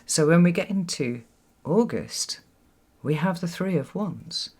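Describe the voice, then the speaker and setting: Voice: medium pitch, expressive, a little slow, darkish tone, husky. A tarot reader giving a solo reading to camera in a reflective way, often repeating words for emphasis and checking in with "right?". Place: home with children nearby.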